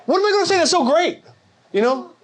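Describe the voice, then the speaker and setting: A man's voice: very high-pitched, fast, heavy background noise. A man in his forties doing a stand-up set before a live audience in a large hall, wry, and talking to the crowd. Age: 40s. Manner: lively, wry, talks to the crowd. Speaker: stand-up comedian.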